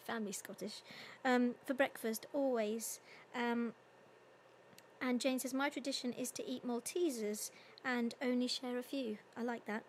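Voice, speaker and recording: Chatty young woman with a higher voice. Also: moderate pace, a little hiss or hum. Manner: chatty, giggly, with many ums. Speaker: singer hosting a livestream concert. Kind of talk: casual chat reading viewer comments.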